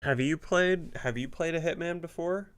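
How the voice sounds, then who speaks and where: A man's voice: on the high side, normal speed, clear, resonant tone. A man streaming a game who rambles in casual commentary, sounding irritated and swearing freely. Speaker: gaming streamer.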